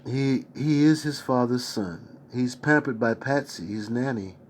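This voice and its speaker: A troubled grown man who pleads and reassures by turns, read aloud by a man. His lines come in a plain, mid-pitched reading voice with no put-on character. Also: a little slow, a little hiss or hum, lightly acted. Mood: reassuring. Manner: read out plainly in the reader's own voice.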